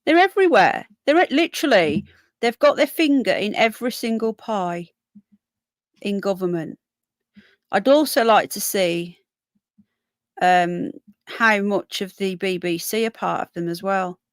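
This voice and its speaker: A woman's voice: medium pitch, animated, unhurried, pauses often, no echo. A woman hosting a casual live stream, tired and yawning, chatting to her viewers and breaking off to talk to her pets. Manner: chatty, talks to viewers and pets in between points. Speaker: livestream host. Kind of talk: casual live-stream chat, reading comments.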